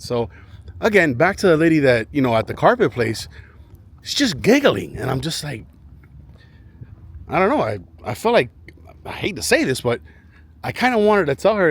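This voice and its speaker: A man's voice: medium pitch, big pitch swings, normal speed, pauses often. Rambling man vlogging outdoors. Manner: rambling, repeats words and restarts often. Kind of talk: casual chat to camera. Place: outdoors in a residential neighborhood.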